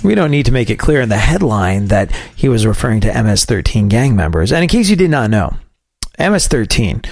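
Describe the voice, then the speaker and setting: Brief: sarcastic male host with a New York accent, mid-pitched with a gravelly edge. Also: darkish tone, no room sound. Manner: sarcastic, wry. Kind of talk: political commentary show.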